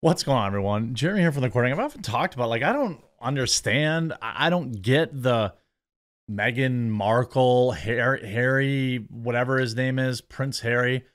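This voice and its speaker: A man's voice: medium pitch, animated, normal speed, faint music behind. An American man hosting a commentary show, ranting in a sarcastic, dismissive and rambling way. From United States. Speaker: host. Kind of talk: commentary rant.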